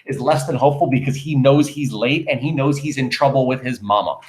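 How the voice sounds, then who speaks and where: A male teacher reading a play aloud and breaking off into animated, emphatic explanations for his class. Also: medium pitch, a little fast, reverberant. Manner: animated, emphatic asides to students.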